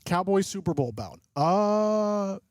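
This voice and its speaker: A man doing live play-by-play commentary and reaction as a streamer host, excitable and often breaking into loud hype. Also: sits high, slow pace, a little hiss or hum. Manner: excitable, swings into loud bursts of call-style hype. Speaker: livestream host and sports fan.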